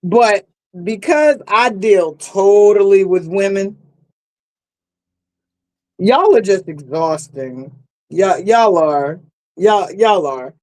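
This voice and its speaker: A woman's voice: medium pitch, lively intonation, slow pace, long pauses, darkish tone, low-quality recording. A woman guest on a casual talk show, speaking bluntly and confidently, with emphatic repetition. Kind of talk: casual chat.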